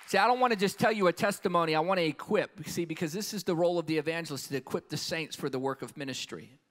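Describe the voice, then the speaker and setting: At a conference hall before a live audience, an evangelist preaches an emphatic, story-driven sermon and calls out for an amen. His voice is on the high side, quick, and a bit bright.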